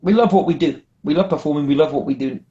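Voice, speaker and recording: A young man, a wrestler guest, telling rowdy stories in a loose, animated way, repeating himself and dropping "man" and "like" as he goes. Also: on the high side, fast, highs cut off. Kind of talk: casual anecdote telling.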